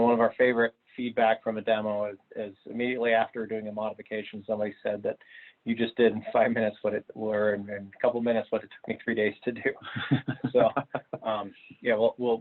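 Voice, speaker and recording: A man co-presenting a webinar, talking casually with light jokes and halting restarts. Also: fairly low pitch. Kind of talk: webinar discussion. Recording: tinny phone-like call audio.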